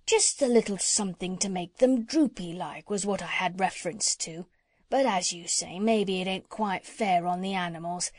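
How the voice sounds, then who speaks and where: A woman's voice: on the low side, moderate pace, darkish tone, dry recording, natural voice. A woman voicing a chatty, scheming working man who sells meat for cats, with folksy dropped words. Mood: persuasive.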